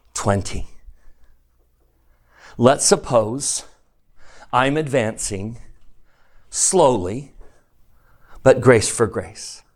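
Animated man teaching a scripture class. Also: on the high side. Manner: animated, emphatic, asks the class questions; reads scripture slowly and deliberately. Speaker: religion teacher.

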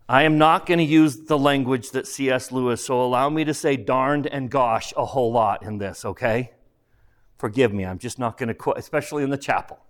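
A man preaching in a chapel, earnest and conversational, encouraging listeners to read a book. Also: fairly high pitch. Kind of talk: sermon with book reading.

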